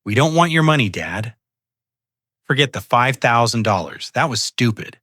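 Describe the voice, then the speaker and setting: A man voicing a pleading adult daughter who puts on a breathy, fake-sweet tone in a storybook narration. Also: mid-range voice, very animated, normal speed, pushed and bright, no echo, studio quality. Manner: breathy, wheedling.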